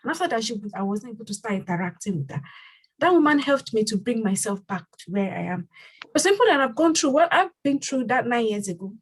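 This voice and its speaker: A woman's voice: a little high, big pitch swings, brisk, slightly rough, poor audio. A woman who leads her community and hosts a panel discussion. She speaks earnestly and repeats phrases for emphasis. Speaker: community leader and host.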